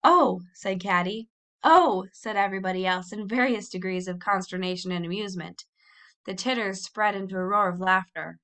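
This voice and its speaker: A woman narrates a classic children's novel in a lively storytelling manner. She lifts her voice for the children's quoted lines, then settles back into the telling. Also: medium pitch, a little fast, clear, resonant tone. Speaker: audiobook reader.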